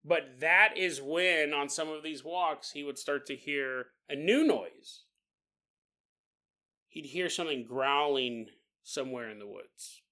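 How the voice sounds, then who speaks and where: Jokey man with a bright voice. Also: on the high side, slow pace. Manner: jokey, laughs often, gross-out asides. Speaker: podcast host. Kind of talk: casual storytelling narration.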